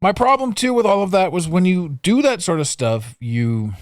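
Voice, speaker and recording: Animated podcast host, a man. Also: normal speed, dry recording, clean studio sound. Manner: animated, swings between loud outbursts and low asides; self-mocking, laughs at himself. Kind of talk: casual solo podcast monologue. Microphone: studio mic, audio only.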